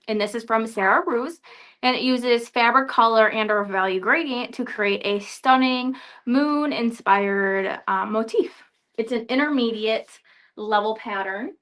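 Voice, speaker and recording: A chatty young woman with a fairly high voice hosts a casual live showcase of quilt patterns. She stumbles over words and laughs it off. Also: a bit bright. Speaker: host presenting new quilting products.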